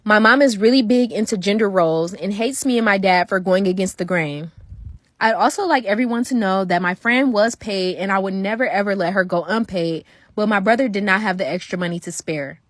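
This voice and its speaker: A woman reading a first-person story aloud in a steady, unhurried way. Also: medium pitch, dry recording.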